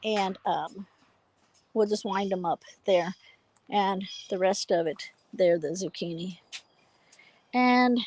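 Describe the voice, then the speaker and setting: A woman hosting a casual live phone stream from her backyard garden, talking loudly and rambling with fillers. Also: mid-range voice, slow, pauses often, rough recording. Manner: loud, chatty, rambling with fillers. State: hard of hearing. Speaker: channel host. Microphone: phone held while walking.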